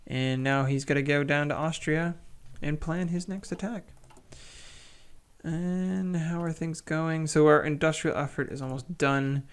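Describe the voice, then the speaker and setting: A man's voice: fairly high pitch, a little slow, smooth. A man giving casual, wry play-by-play commentary on a strategy game he is playing. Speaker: gaming channel host.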